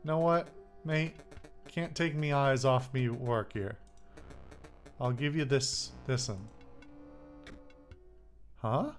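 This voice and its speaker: A man voicing a gruff male scrap dredger with a put-on British accent and clipped slangy speech, over faint music. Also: medium pitch, slow pace, pauses often, close to an everyday voice.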